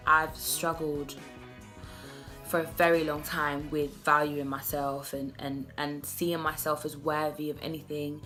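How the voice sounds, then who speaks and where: A woman's voice: low-pitched, a bit bright. A woman in her twenties talking straight to the camera in a heartfelt vlog, earnest and personal, often restarting her sentences. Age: 20s. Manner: earnest, direct address with many restarts. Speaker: vlogger. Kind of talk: heartfelt self-love vlog talk.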